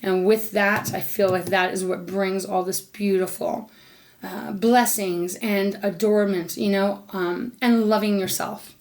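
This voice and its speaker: A woman's voice: medium pitch, steady tone, measured pace. A woman giving an unscripted tarot reading, talking earnestly and emotionally to the viewer and aloud to Spirit, with the odd casual swear. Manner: talks aloud to Spirit between cards. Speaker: tarot reader.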